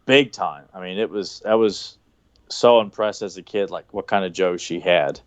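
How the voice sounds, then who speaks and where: A man with a Southern US accent chatting casually as a podcast co-host, excited and rambling, with lots of fillers and restarts. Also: low voice, moderate pace, dry recording, lo-fi sound. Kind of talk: casual chat, watching a cartoon.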